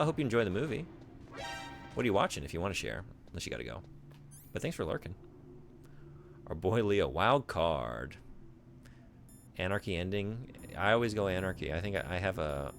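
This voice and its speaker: A man's voice: low-pitched, creaky. A man streaming a video game in casual chat, thinking aloud, rambling and answering his viewers as he plays.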